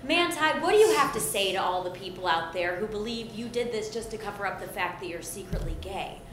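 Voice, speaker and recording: A woman's voice: mid-range voice, expressive, fairly quick, background noise, natural voice. A woman playing a famous TV interviewer in a comedy sketch, polished and exasperated. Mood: poised. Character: impression of a famous female TV interviewer, poised but exasperated. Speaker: talk show host. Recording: echoey studio with loud audience.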